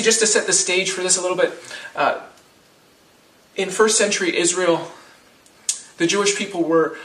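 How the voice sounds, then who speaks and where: Man in his thirties, pastor giving a sermon, chatty restarting delivery, slightly high voice, roomy sanctuary sound. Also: pushed and bright, recorded from a distance. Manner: conversational, with frequent restarts and rhetorical "right?".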